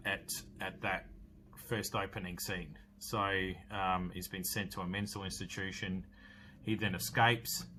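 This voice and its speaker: Aussie guy in his 40s rambling thru a movie plot, lowish voice with a bright edge. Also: a little hiss or hum. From Australia. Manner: rambling, filler-heavy storytelling with many restarts. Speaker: podcast host. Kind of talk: casual film review recap.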